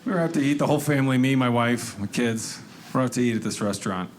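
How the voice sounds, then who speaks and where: A man doing a stand-up comedy routine on stage, telling sarcastic, deadpan stories and acting out the people in them. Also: medium pitch, fast, background noise. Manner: deadpan, sarcastic storytelling with acted-out quotes. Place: comedy club stage before a live audience. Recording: stage recording with loud audience laughter.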